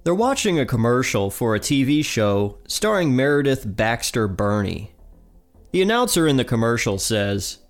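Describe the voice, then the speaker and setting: A man's voice: medium pitch, expressive, moderate pace, soft background music. A man with a stuffy, nasal voice hosting a casual podcast, recapping a cartoon episode. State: stuffy nose. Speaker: podcast host.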